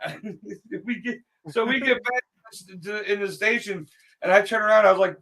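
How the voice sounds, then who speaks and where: A man's voice: sits high, normal speed, low-quality recording. A middle-aged man in casual chat, telling stories with swearing and frequent laughter. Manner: animated storyteller, swears, laughs often.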